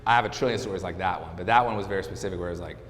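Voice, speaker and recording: A man in his thirties tells a candid story, his somewhat low voice halting now and then with restarts and fillers. A long reverb trails behind his words. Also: a bit bright, a little hiss or hum. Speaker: podcast guest, real estate agent.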